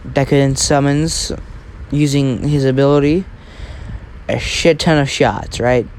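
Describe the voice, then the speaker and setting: Man, casual storyteller, rambling, lots of fillers, mid-pitched voice. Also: steady tone, a little slow, a little mellow, a little hiss or hum. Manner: rambling, filler-heavy, restarts lines.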